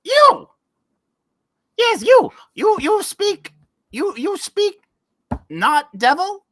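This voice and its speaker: A man voicing a small greasy male fire goblin who haggles pushily in broken, shrill, shouting speech. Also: huge pitch swings, extremely slow, exaggerated voice. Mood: pushy.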